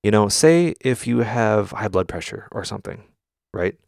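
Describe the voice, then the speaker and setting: A music producer streamer's voice is fairly low and darkish, with vocal fry and lively intonation at a normal speed, recorded with no room sound. Hosting a casual stream from his home studio, he speaks candidly, swears often and handles chat questions.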